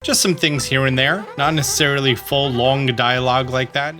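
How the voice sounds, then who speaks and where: A man's voice: mid-range voice, fairly even intonation, normal speed, pushed and bright, soft background music. A man hosting a game walkthrough, narrating his moves with jokey asides. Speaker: let's play host.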